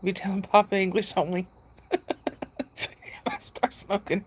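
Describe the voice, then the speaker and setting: A woman's voice: medium pitch, level tone, unhurried, pauses often, slight background noise. A middle-aged woman hosts a live stream in a casual chat. She reads out viewer comments, thanks people by name, and laughs often.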